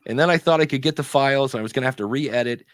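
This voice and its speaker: A man co-hosting a podcast live stream, telling stories in a chatty way and often pausing to hunt for the next word. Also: medium pitch, no room sound. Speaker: podcast co-host. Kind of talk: casual chat on a live stream.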